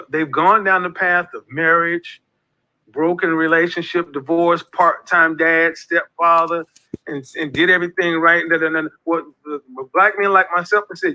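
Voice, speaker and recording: This is the host of a men's group talk, a man in his forties delivering a casual monologue with preacher-like emphasis and repeated phrases. His voice sits high and sounds bright and forced, and the recording quality is poor.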